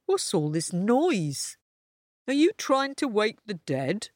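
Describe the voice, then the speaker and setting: Storybook donkey, male, pompous and jolly, lower than the woman's own voice, dry close sound. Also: sing-song, takes it slowly, dry recording. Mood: hearty. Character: cheerful boastful male donkey.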